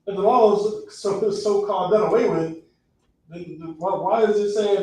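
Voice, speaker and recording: A man teaching a religious class in a classroom, animated and acting out people's reactions with mock voices. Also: high voice, normal speed. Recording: echoey room, far from the mic.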